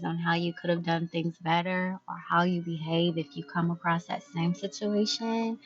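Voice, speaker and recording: Chatty woman podcast host, lo-fi sound. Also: on the low side. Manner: chatty and gushing, talks straight to listeners. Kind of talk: casual solo podcast chat.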